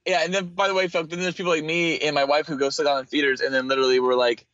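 A man with a fairly high voice co-hosting a casual film podcast, agreeable and quick to joke. His mic sounds dull and lo-fi, and the recording is very dry. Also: little pitch movement, a bit bright, no room sound. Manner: laughing, agreeable, jokey. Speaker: podcast co-host.

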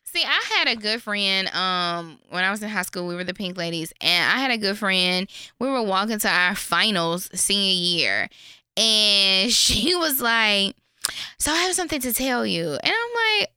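A woman co-hosting a podcast, chatting casually, swearing freely and acting out quotes loudly. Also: normal speed, smooth, no room sound, clean studio sound. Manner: lively, profane, acts out quotes with big pitch jumps. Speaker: podcast co-host. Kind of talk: casual chat.

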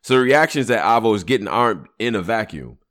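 Animated man in heated casual chat. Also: lowish voice, fast talker. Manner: animated, emphatic, swears freely.

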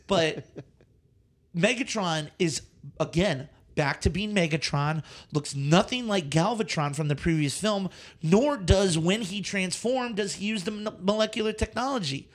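A man co-hosting a casual movie podcast, ranting with animated exasperation and frequent swearing. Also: high voice, a little slow. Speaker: podcast co-host.

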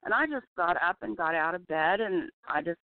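A woman's voice: fairly low pitch, lively intonation, no echo. Woman testifying over a tinny phone. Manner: halting, emotional, often restarts. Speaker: testimony guest. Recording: dry tinny phone line.

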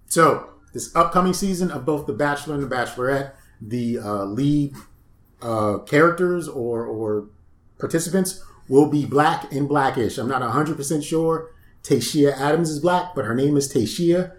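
A man's voice: mid-range voice, moderate pace. A man co-hosting a casual comedy podcast with dry, offhand commentary. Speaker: podcast co-host. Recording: roomy echo.

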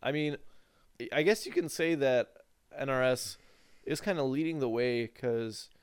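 Casual man with a smooth voice. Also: mid-range voice, measured pace, no echo. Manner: animated, swears casually, sarcastic asides. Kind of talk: casual gaming chat.

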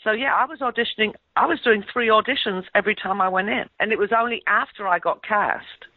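A woman's voice: medium pitch, fairly quick. A middle-aged woman from England whose accent has drifted to mid-Atlantic, telling stories with lots of ums, restarts and easy laughs. The sound is thin and phone-like. The room behind her is dead dry, with no echo. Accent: mid-Atlantic English. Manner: chatty storyteller, laughs easily, many ums and restarts. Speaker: actress, interview guest. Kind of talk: casual interview chat. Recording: tinny phone-like line, dry.

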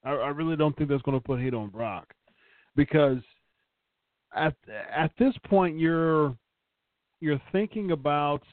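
A man's voice: on the high side, no room sound. A male podcast host giving opinionated, casual commentary and answering a live chat, who often repeats words and restarts sentences. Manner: opinionated, conversational. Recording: tinny phone-like line, dry.

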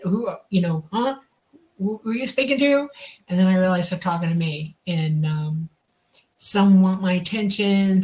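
A woman hosting a talk show, telling her own story calmly with a few fillers. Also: fairly low pitch. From US state of Georgia. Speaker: podcast host. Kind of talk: casual storytelling.

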